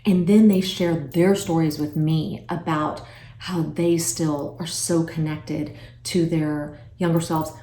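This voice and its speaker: A woman in her forties chatting to camera in a vlog, emotional and soft-spoken, trailing off with fillers. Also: fairly even intonation, slow, echoey room. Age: 40s. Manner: high cooing voice when talking to her pets. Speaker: vlogger. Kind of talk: casual chat to camera. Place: at home, indoors.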